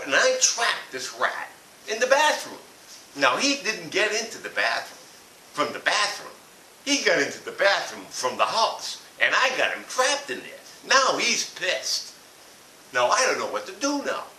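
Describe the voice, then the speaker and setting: Guy ranting a funny story, super bright sharp voice, roomy echo from far off with hiss. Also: on the high side. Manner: animated, blunt and profane. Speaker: comedic ranter. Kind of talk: comic storytelling rant. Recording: echoey room from far off with hiss.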